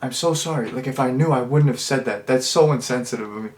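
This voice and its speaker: A man's voice: mid-range voice, fast talker, darkish tone, natural voice. A man doing a macho frat bro. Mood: sincere apology.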